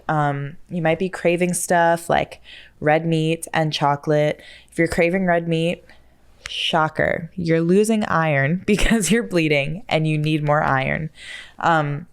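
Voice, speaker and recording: Low-voiced chatty woman podcaster. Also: smooth. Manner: chatty and self-deprecating, stumbles over words and laughs at herself. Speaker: podcast host. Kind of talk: casual solo podcast chat.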